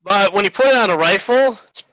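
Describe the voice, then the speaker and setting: A man's voice: sits high, fairly quick, fairly bright tone, no echo, poor audio. A man giving a rambling, casual debate argument, full of fillers and little laughs.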